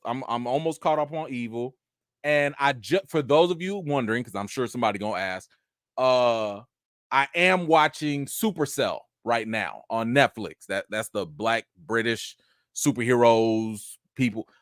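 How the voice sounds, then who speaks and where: A man hosts a live chat stream from home, teasing and animated, his voice jumping into loud mock indignation before sinking to a low mumble. He speaks in slangy, casual bursts with lots of restarts. The sound is dry and close-miked, with no echo.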